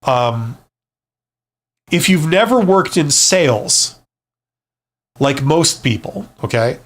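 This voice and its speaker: A man's voice: on the high side, animated, slow pace. A middle-aged man hosting a live Q&A, chatting casually with many fillers and restarts, blunt and reassuring. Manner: blunt, joking asides. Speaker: livestream host, former CEO.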